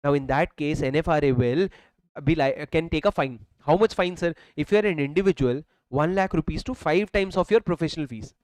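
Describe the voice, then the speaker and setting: A man's voice: fairly high pitch, no echo. A young man with an Indian English accent giving a classroom lecture, emphatic and repetitive, often calling students "sir". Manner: emphatic, repeats phrases, addresses students as sir. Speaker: teacher. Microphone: handheld or lapel mic.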